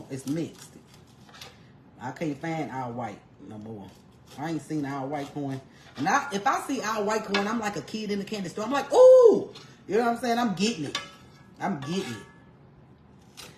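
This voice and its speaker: A woman's voice: sits low, lively intonation, normal speed, reverberant, a little hiss or hum. A woman demonstrating home cooking, folksy and chatty, calling the viewer honey and laughing often. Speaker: home cook vlogger. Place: home kitchen.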